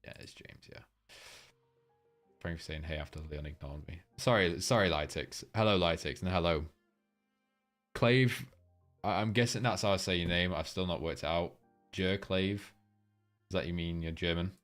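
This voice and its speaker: Hosting a trading livestream, this young man rambles casually through the markets, cursing openly and leaning on ums as he checks chat. He has a low, steady, slightly bright voice at a moderate pace, with faint music behind him.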